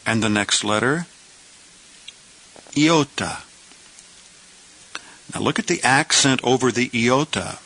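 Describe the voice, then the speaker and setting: A man teaching letters at a very unhurried pace, leaving pauses between each question and its answer. His tone is bright and forward, and he walks through each point step by step. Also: medium pitch, expressive, poor audio. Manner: asks questions, then answers them himself. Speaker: Greek teacher. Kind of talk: slow step-by-step language lesson.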